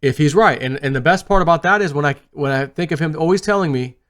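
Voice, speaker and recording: A man's voice: a little high, fast, fairly bright tone. Chatty man rambling about his trades. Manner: chatty, rambling, lots of restarts and retold asides. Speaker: crypto YouTuber. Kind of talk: casual monologue to camera.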